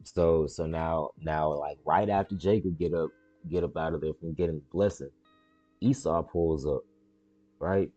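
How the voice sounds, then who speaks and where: A man on a live stream reading the Bible aloud and explaining it in casual slang, repeating words and jumping into high excited voices for the characters. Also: normal speed, no room sound, lo-fi sound, faint music behind. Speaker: stream host reading scripture.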